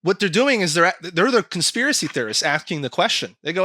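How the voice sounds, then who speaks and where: Guy ranting on a podcast, swearing lots, kinda high bright voice. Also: quick pace, dry recording, studio quality. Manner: animated, swearing, acts out quoted comments. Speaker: podcast co-host. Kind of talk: casual podcast chat.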